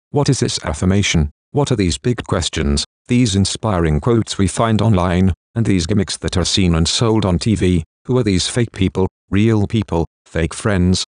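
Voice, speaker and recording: A man's voice: low voice, no echo, clean studio sound. A man reading a memoir aloud in a blunt, confessional way, swearing freely. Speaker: memoir narrator. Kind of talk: scripted audiobook narration.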